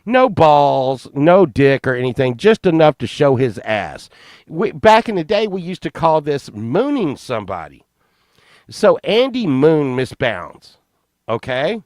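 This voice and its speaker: A man in his fifties telling a rambling, profane childhood story, excitable and often laughing. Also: on the high side, a little slow, no room sound, clean studio sound. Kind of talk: casual anecdote telling.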